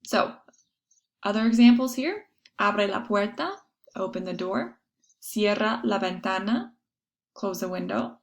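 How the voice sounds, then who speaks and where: A woman teacher talks her class through a recorded Spanish lesson, patiently laying out rules and examples one at a time. Her voice has a gravelly, creaky edge and sits at an ordinary middle pitch for a woman. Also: lively intonation, a little slow, pauses often. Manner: patient, explaining step by step with examples.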